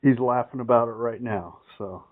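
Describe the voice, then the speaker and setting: A man's voice: medium pitch, normal speed. A male interviewer asking casual questions with plenty of fillers. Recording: tinny phone line.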